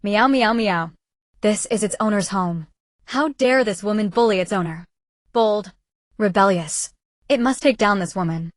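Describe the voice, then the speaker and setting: A woman's voice: mid-range voice, unhurried, no echo, clean studio sound, natural voice. A woman voicing an indignant, protective chubby orange house cat in an audiobook, with a haughty, grumbling manner.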